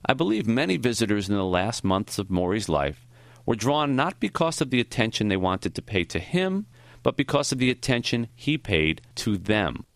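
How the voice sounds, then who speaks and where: A man narrating a first-person memoir audiobook in a reflective, measured way. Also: fairly low pitch, big pitch swings, gravelly, no echo.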